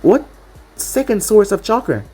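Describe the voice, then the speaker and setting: Brash, defiant young fighter girl, read by a woman, lively pitch. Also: measured pace, husky, soft background music.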